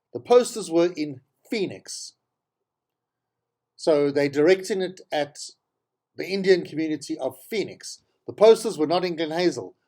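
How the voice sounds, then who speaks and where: In a political commentary monologue, a South African talk show host gives his opinions on the news with sarcasm and obvious exasperation. He drives points home through repetition, and his very animated voice shifts between low mutters and high peaks of disbelief.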